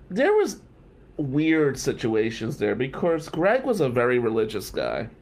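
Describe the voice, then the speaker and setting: A man telling a long personal story in a casual, digressive way, with wry asides and some swearing. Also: medium pitch.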